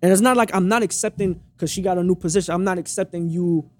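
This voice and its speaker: A man's voice: sits high, quick pace. A young man telling a personal story in blunt, profane casual talk, acting out the dialogue as he goes.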